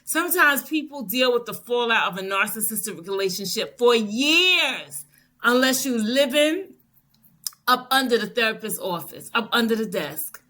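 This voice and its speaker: A woman's voice: fairly high pitch, lively intonation, normal speed, sharp tone. A woman with a Southern US accent hosting a storytime reaction, talking emphatically and repeating phrases for effect. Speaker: reaction channel host.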